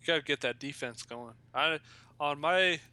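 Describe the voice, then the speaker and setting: A man's voice: fairly high pitch, moderate pace, sharp tone, smooth. A man in casual chat, telling stories in a laid-back, offhand way.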